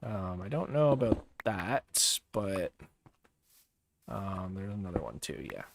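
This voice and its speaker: Young man, livestream gameplay chat, slow and easygoing, lots of fillers and pauses, faint background hiss. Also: low voice, gravelly. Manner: relaxed, rambling, many fillers and pauses. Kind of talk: casual gameplay commentary.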